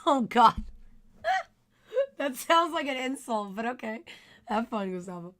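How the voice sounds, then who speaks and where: A young woman streaming a game, chatting casually with her viewers, her voice worn and a little raspy. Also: on the high side, sing-song, a little slow, pauses often, background noise. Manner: chatty, giggly, talks to chat. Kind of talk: casual live-stream chat.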